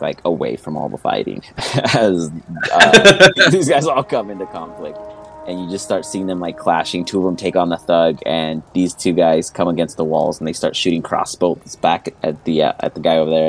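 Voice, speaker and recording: A man narrating a tabletop game as game master in a loose, rambling way with lots of fillers. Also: sits low.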